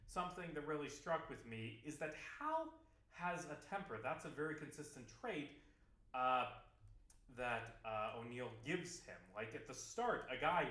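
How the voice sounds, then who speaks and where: A man's voice: mid-range voice, sharp tone, reverberant. A man vlogging casually over gameplay, rambling with lots of fillers, restarts and casual swearing. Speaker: video game vlogger.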